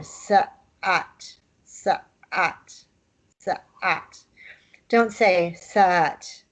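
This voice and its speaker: A woman teaching a language class, explaining pronunciation patiently and demonstrating sounds one at a time. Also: medium pitch. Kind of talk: slow, patient language lesson.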